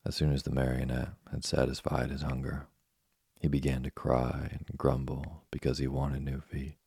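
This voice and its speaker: Very deep gravelly male storyteller. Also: moderate pace, no echo, clean studio sound. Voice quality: gravelly, husky. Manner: steady, soothing storytelling. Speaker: narrator. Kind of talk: slow bedtime story reading.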